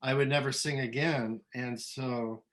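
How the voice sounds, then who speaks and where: A middle-aged man from Southern California, a musician being interviewed, talking in a relaxed, rambling way with many ums and restarts. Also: medium pitch, unhurried. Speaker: musician guest. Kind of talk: casual interview.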